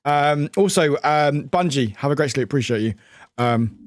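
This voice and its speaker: A man's voice: a little high, animated, moderate pace, soft background music. A man chatting on a live gaming stream, rambling, swearing and yelping when startled. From United Kingdom.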